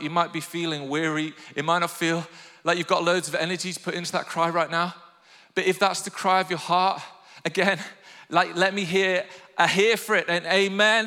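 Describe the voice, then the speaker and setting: A man preaching a sermon with passion, sometimes rising to shouted calls to his listeners. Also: high-pitched, big-room sound. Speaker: pastor.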